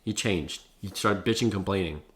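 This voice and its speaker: A young man talks straight to camera, giving advice in a loose, profane vlog style. He leans on "like" and "bro" as he talks. His voice sits a little low. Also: moderate pace. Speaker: vlogger. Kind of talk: casual talking-head advice.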